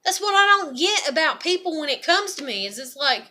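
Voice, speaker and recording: A woman's voice: high-pitched, sing-song, brisk, few pauses, pushed and bright. A woman, venting bluntly in a raw, profane, heartfelt monologue. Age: 30s. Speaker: vlogger.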